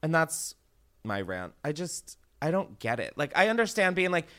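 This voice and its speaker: A woman's voice: low-pitched, very animated, moderate pace, fairly bright tone. A woman in her late twenties, a guest comedian in casual chat, rambling and swearing freely. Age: 20s. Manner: rambling, profane, laughing easily.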